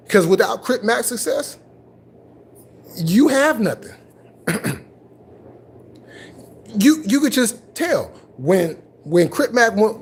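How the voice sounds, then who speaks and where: Husky, animated man ranting on a livestream. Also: high-pitched. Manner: confrontational, repetitive, mocking. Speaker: livestream host. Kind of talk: live stream commentary rant.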